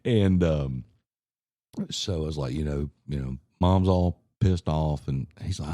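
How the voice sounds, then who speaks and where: A man's voice: rumbling low, unhurried, warm tone, dry recording, studio quality. A man on a podcast telling a casual, profane family story, laughing and acting out what people said. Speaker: podcast co-host.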